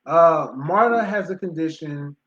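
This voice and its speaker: A man's voice: fairly high pitch, a little slow, fairly bright tone. A man co-hosting a casual movie review, rambling with fillers and restarts. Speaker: co-host of a movie review show. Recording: dull lo-fi sound in an echoey room.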